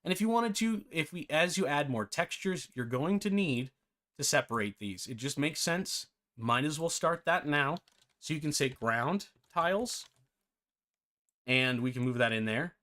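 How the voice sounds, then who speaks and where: A man's voice: a little high, lively intonation, unhurried, sharp tone. A man hosting a live-streamed game development tutorial, chatty and self-deprecating, often breaking into laughter.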